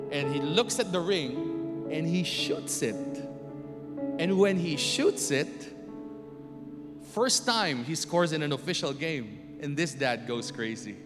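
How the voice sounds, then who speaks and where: A man's voice: on the high side, measured pace, pauses often. A middle-aged man, telling a personal story to an audience and acting out the scenes. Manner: animated, acts out scenes and voices. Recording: long reverb with music behind.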